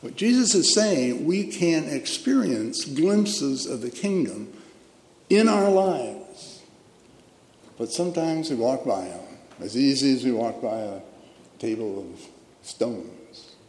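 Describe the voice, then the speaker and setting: Taking his time, a retired pastor, an older man, tells a folksy story-sermon in a mid-range, darkish voice with lively intonation. Fillers and restarts run throughout. He's recorded in a church sanctuary, where the echoey hall brings long reverb and a faint room ambience.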